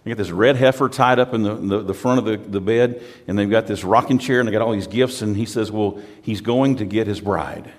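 A man's voice: fairly low pitch, fast talker, hardly any pauses, big-room sound. A pastor from the United States preaching a sermon in a conversational, storytelling way, often repeating words as he restarts.

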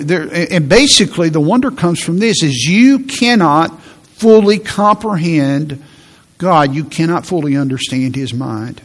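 A middle-aged man preaching a sermon as pastor, earnest, often repeating phrases and slowing down for emphasis. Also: on the high side.

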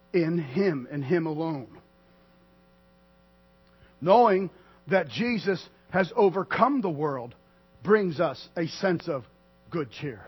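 A man preaching a sermon to a small congregation in a conversational way, swinging from soft to loud and acting out the quotes he tells. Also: on the high side, husky. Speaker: pastor. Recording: dull lo-fi sound with mains hum.

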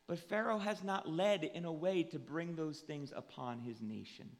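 A man preaching a sermon as pastor, earnest and deliberate, swelling to emphatic peaks and then sinking low and quiet. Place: church sanctuary. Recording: long church reverb.

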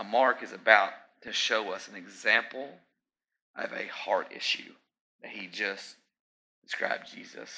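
A man preaching a sermon in a conversational, animated way, mixing scripture with casual asides. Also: lowish voice, low-quality recording.

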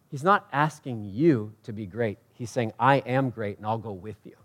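A pastor delivering a sermon, rising to loud emphatic peaks and dropping to quiet, personal asides, talking conversationally and asking the congregation questions. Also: male voice, moderate pace, few pauses. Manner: swings from loud preaching peaks to quiet intimate lows; conversational, self-correcting, asks the crowd.

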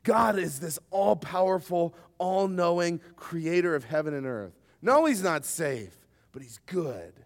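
A man preaching a sermon, emphatic and lively, sometimes acting out short quoted voices. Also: high-pitched, a little slow, gravelly, few pauses. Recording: hall reverb.

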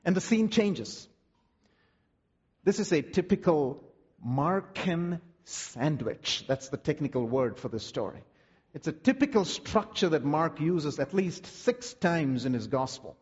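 A man preaching a sermon with dramatic, vivid storytelling and drawn-out words. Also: on the high side, big pitch swings, darkish tone, husky, big-room sound, highs cut off.

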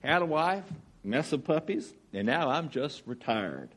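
A man's voice: a little high, animated, measured pace, fairly bright tone, husky, heavily acted. A man voicing a boastful retired old male talking dog who spied for the government, speaking with a folksy Southern drawl.

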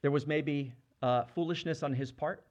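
A man's voice: a little high, moderate pace, darkish tone. Earnest male pastor preaching. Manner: earnest, conversational, asks the congregation questions. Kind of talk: sermon.

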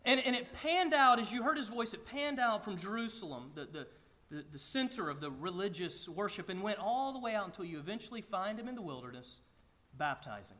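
A man preaches from the pulpit in a high, ringing voice. He sounds earnest and often stumbles over repeated words as he works toward his point. His voice echoes with the long reverb of a large church hall. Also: lively intonation, fairly quick, pushed and bright. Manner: earnest, with frequent stammered restarts. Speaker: pastor. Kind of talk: sermon. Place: church sanctuary with a congregation.

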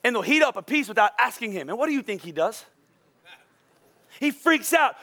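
Preaching a sermon with long pauses, this forties-aged pastor has a very high-pitched voice and a normal pace. He addresses his congregation directly with questions and animatedly mimics kids' outbursts.

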